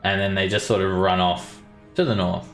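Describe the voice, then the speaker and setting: A man narrating a tabletop game as dungeon master, describing scenes at an unhurried pace. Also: low voice, steady tone, reverberant, faint music behind.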